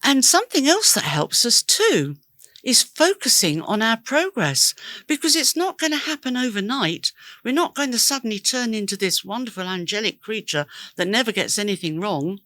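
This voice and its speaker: Woman, podcast host, motivational talk, earnest, crisp bright tone. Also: fairly high pitch, animated, normal speed, no room sound. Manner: encouraging, earnest, speaks directly to listeners. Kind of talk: motivational self-help talk.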